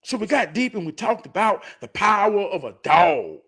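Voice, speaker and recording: A man hosting his show, telling a story with animated delivery that swings from low mutters to loud excited shouts. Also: moderate pace, vocal fry, breathy edge.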